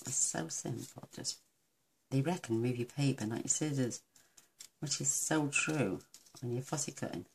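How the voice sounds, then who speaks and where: Chatty low-voiced crafting woman. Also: moderate pace, creaky, slight background noise, low-quality recording. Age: middle-aged. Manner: chatty, rambling, talks to herself while working. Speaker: craft demonstrator. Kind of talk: casual crafting tutorial chat.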